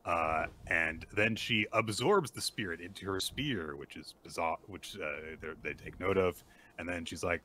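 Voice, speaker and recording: Bright-voiced man recapping manga. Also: deep voice, moderate pace, a little hiss or hum. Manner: animated, laughs often, voices quoted characters in excited bursts. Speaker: podcast co-host. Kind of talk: casual manga recap chat.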